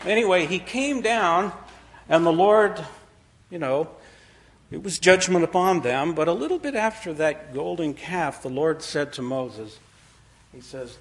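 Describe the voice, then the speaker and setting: Folksy man preaching a sermon. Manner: folksy storytelling, dropping to a low quiet voice for quoted lines.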